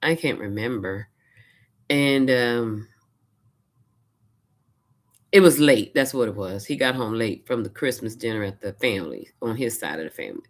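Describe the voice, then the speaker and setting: Very low-voiced woman telling a story. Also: moderate pace, long pauses. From Louisiana. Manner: chatty, animated retelling with quoted asides and laughs. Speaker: vlogger. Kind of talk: casual personal storytelling.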